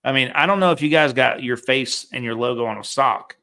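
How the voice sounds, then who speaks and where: A man's voice: mid-range voice, fairly quick. A man co-hosting a casual podcast, telling funny stories with swearing and repeated starts. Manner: animated storyteller, swears. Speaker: podcast co-host.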